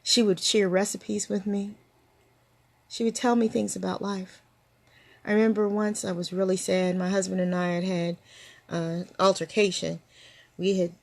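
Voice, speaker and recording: An older woman shares a memory in a reflective storytelling way. Her voice has a gravelly, husky texture, and she breaks into laughter now and then. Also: mid-range voice. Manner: warm, reflective, laughs often. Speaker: storytelling host. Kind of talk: personal storytelling to camera.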